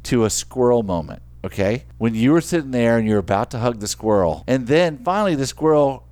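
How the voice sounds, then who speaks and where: Male co-host, mid pitch, dry close sound, teasing and jokey, stumbles into restarts. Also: lively intonation, a little fast, darkish tone, no room sound. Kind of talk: casual chat.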